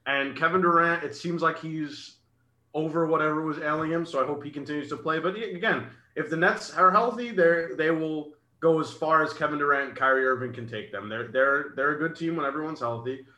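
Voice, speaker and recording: Bright-voiced man in an echoey room. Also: on the high side, brisk. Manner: earnest, rattles off stats. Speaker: sports podcast co-host. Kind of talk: casual sports chat.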